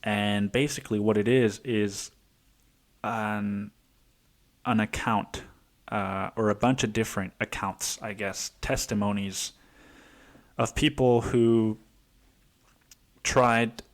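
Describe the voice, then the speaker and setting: A man's voice: on the low side, steady tone, slow, long pauses. A man in his twenties hosting a casual solo podcast, rambling with heavy swearing and many restarts. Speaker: podcast host.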